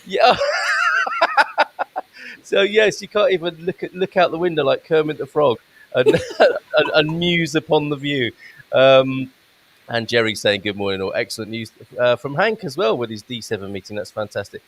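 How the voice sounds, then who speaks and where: A man's voice: mid-range voice, expressive, normal speed. A man hosting a casual live-stream show from Portugal over a video call, chatting and reading out viewers' comments. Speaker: host. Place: home in Portugal.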